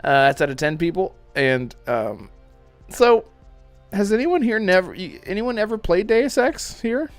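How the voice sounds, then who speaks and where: Woman hosting a gaming podcast, super slow, bouncy pitch, playful, dry close sound. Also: big pitch swings, no echo, faint music behind. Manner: playful, slow, drawn-out delivery. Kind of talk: casual chat.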